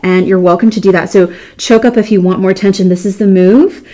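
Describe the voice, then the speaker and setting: Calm woman cueing a Pilates class. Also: medium pitch, a little fast. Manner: calm cueing of breath and counts; encouraging, praising often. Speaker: Pilates instructor. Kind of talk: guided exercise class instruction.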